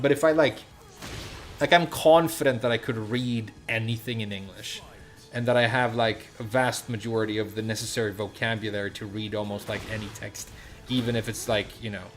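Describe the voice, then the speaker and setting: A man's voice: medium pitch, fairly even intonation, normal speed, faint music behind. Rambling man chatting on a stream. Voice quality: slight lisp-like S sound. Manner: rambling, many fillers and restarts. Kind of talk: casual stream chat.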